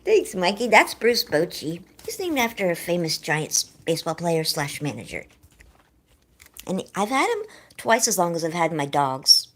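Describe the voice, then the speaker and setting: A chatty American woman hosts a live stream from her home, speaking straight to her viewers. Her voice sits a little on the low side, and her manner is warm-hearted and effusive, with plenty of casual asides. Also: very animated, normal speed. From California, USA. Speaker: livestream host.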